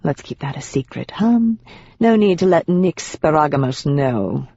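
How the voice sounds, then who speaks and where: A narrator voicing a suave, shape-shifting demon with a proper British accent, speaking slowly and slyly in a low, soft voice. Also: animated, vocal fry, breathy edge, no echo, heavily acted. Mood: menacing, sly. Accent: British (put on). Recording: dull, dry audiobook recording.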